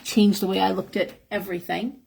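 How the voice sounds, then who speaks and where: A woman's voice: level tone, fairly quick, vocal fry, darkish tone, slightly rough. A middle-aged woman hosting a live stream, giving frank spiritual advice in a chatty, casual way and sounding a little tired. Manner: chatty, frank, acts out quotes with a higher voice. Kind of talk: casual live-stream talk, reading chat.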